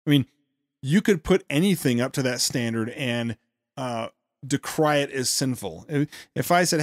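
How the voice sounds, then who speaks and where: A man's voice: mid-range voice, sing-song, moderate pace, no room sound, studio quality. A man hosting a show, giving an indignant, sarcastic running commentary on a speech clip. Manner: indignant, sarcastic, repeats words when heated. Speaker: podcast host.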